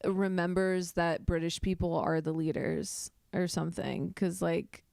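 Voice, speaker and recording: A young woman hosts a loose comedy podcast, giggling and tripping over her own intros. Her voice sits a little low and comes through smooth and clear. The close mic gives a dry, intimate sound. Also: steady tone, a little slow, darkish tone, no echo. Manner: giggly, self-deprecating, rambling with restarts. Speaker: podcast host. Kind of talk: casual comedic podcast chat.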